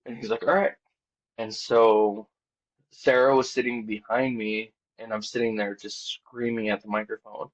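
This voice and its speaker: A man guest on a podcast, telling a personal story in a rambling, casual way, full of "like" and quoted back-and-forth, mostly quiet and low-key. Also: normal speed. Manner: rambling, heavy on "like" and quoted dialogue; quiet and low-key, lifting when excited. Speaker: podcast guest, band vocalist. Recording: dull, muffled podcast audio.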